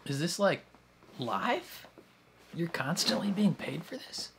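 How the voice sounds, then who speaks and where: Slow and mid-range with vocal fry, a host gives chatty, lively reactions to a movie while it plays, speculating on the plot. Slight background noise and a faint film soundtrack sit under the voice.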